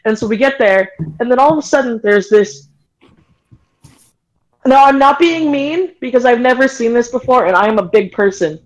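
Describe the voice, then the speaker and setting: A young woman with a high voice chats on a voice call with friends. She tells a story in a lively way and acts out each quoted person. Her talk is casual and full of little restarts. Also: normal speed, low-quality recording. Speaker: streamer chatting with friends. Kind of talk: casual group voice chat.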